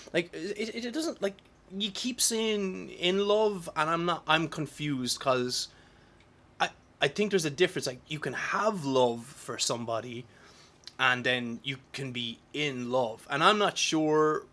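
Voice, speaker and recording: A man's voice: medium pitch, bright, forceful tone. Rambling, profane man vlogging. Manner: profane, rambling, frequent restarts and filler words. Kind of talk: casual rambling monologue.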